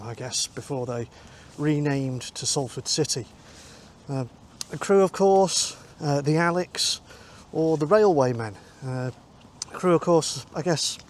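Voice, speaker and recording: A man's voice: on the high side, slight background noise. A man vlogging while out and about, chatting casually about a football trip and thinking aloud with ums, recorded on a handheld camera mic outdoors. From North West England. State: a bit out of breath while walking. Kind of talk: casual vlog chat. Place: outdoors, walking to a station.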